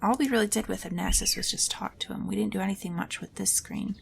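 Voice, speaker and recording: A woman's voice: mid-range voice, steady tone, quick pace, creaky, soft background music. A woman playing a game and thinking aloud, musing and asking herself questions as she goes. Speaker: let's play gamer. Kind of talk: casual game commentary.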